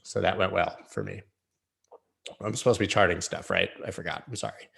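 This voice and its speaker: A man's voice: deep voice, very animated, fairly quick, gravelly, a bit bright. A man hosting a live-streamed chart analysis, rambling casually with jokey asides. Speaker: crypto chart analyst host.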